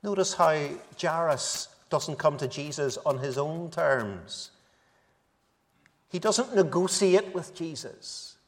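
A male preacher delivering a sermon, measured and emphatic, repeating key phrases for weight. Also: fairly high pitch, expressive. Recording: long reverb of a large hall.

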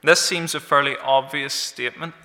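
Man, preacher, sermon, very bright tense tone, emphatic rises, long church reverb. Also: medium pitch, normal speed. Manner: animated, rising in emphasis on key words; light self-deprecating humor.

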